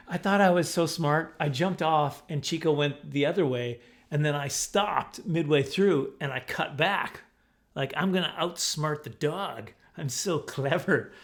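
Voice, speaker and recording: Comedic male storyteller, casual and self-deprecating, slightly high voice, slips into quoted voices. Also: fairly bright tone, slight background noise. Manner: rambling, self-mocking, acts out quoted voices. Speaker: comedian telling a personal story.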